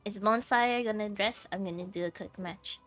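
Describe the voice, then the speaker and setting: A Filipino woman with a Filipino accent streams games and chats casually, telling stories that keep dissolving into giggles. Her medium-pitched voice has a fairly bright tone at normal speed, with soft music playing in the background.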